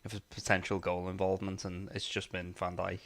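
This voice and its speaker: A man co-hosting a podcast over an online call, excitable and given to exasperated grumbling. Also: low-pitched, brisk. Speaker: podcast co-host. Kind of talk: casual chat.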